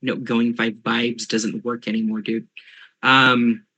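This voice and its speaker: A man's voice: medium pitch, flat delivery, slow pace, sharp tone. A man narrating as game master of an online tabletop game, hesitant with many fillers.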